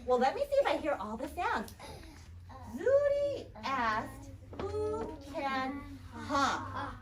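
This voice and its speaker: A young woman teaching kindergarten, upbeat and encouraging, sounding out letters slowly for the children. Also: sits high, big pitch swings. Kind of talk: interactive classroom teaching. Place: kindergarten classroom. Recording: distant, noisy classroom recording.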